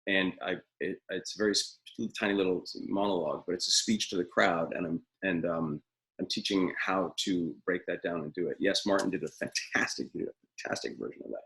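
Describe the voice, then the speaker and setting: A man's voice: low-pitched, steady tone, fairly quick, creaky, fairly bright tone, low-quality recording. A middle-aged man teaching acting in a live webinar from a room at home, talking in an opinionated, rambling way with many fillers.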